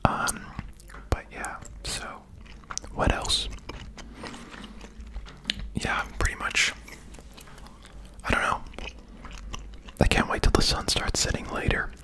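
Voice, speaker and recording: A man's voice: takes it slowly, pauses often. A young man whispering a rambling ASMR chat while chewing gum. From England. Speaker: ASMR creator. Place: home room, lights turned down. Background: rain outside.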